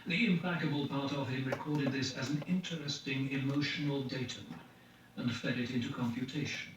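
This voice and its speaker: A man hosting a podcast, reading a novel aloud in a measured, dramatic narration. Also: medium pitch, steady tone. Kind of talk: audiobook narration. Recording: echoey, distant, dull lo-fi, faint hiss.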